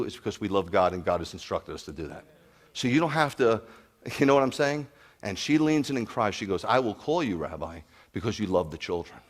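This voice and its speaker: Male pastor, mid-pitch, animated storyteller working a congregation in a sermon. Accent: New York. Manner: animated, storytelling, asks the crowd questions.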